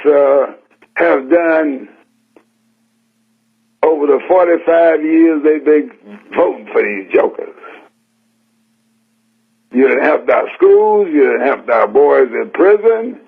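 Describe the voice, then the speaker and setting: Older man, from san francisco, folksy preacher, gravelly husky voice, slow deliberate delivery, tinny phone-like radio sound. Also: on the high side. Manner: folksy, emphatic preaching with plain-spoken repetition. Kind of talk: sermon.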